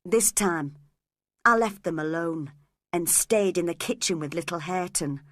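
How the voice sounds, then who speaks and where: A woman reading a classic novel aloud as an audiobook narrator, in a measured, expressive way, close to the microphone. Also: on the low side, dry recording. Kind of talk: storybook narration.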